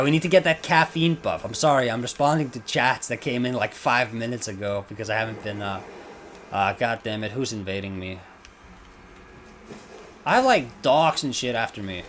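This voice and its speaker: A man talking his way through a game stream in a rambling, distracted way, swearing now and then and laughing at his own mistakes. His voice sits at an ordinary middle pitch. A faint hiss of noise runs under the recording. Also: moderate pace, fairly bright tone. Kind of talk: casual gameplay commentary.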